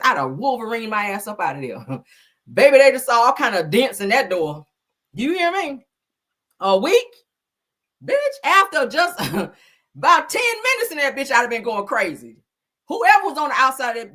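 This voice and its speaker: Brash, husky woman with lively swings. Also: high-pitched, moderate pace. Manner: loud, profane, laughing storyteller. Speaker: host. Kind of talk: casual commentary chat.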